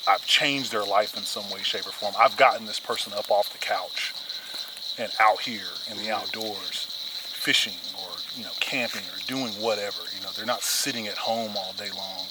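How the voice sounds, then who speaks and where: A man's voice: lowish voice, steady tone, normal speed, heavy background noise. A man hosting a fishing video channel, talking casually and filling his sentences with "you know" and "man". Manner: rambling, heavy on fillers like "you know" and "man"; upbeat greeting to viewers. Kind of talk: casual reflective talk and vlog narration.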